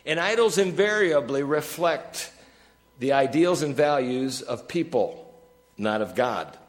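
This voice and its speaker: A man preaching a sermon as pastor, reading scripture with rising emphasis and dropping to quiet, conversational asides. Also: medium pitch, animated, measured pace. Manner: rises to emphatic peaks when reading scripture, drops to soft asides. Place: church sanctuary.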